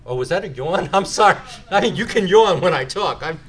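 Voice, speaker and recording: A man's voice: high voice, expressive, a little fast, a bit bright. A man giving a lecture and taking audience questions, making joking asides as he explains. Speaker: lecturer on sales tax.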